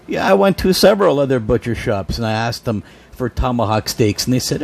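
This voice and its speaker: A man's voice: fairly high pitch, big pitch swings, moderate pace, vocal fry, a little mellow. A man hosting a podcast, ranting in an exasperated, profane way and laughing now and then. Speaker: podcast host. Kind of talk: solo comedic rant.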